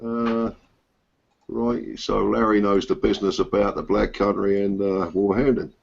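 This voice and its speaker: A fairly low, creaky voice with a level tone and moderate pace comes from an English man with a Suffolk accent, casually hosting a biker chat by video call. He rambles with many fillers and restarts, and the dull lo-fi audio carries a little hiss or hum.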